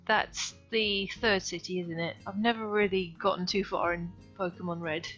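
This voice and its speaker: A woman's voice: on the low side, fairly even intonation, moderate pace, a bit bright. A woman streaming herself reading a visual novel aloud, adding wry asides. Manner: wry asides between dialogue. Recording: dull lo-fi stream audio, faint music.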